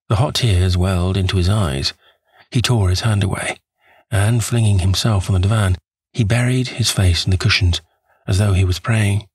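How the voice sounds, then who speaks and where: A man narrating a classic novel in a measured, expressive reading. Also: low-pitched, breathy edge, dry recording. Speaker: audiobook narrator. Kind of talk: scripted narration. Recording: dry close studio voice.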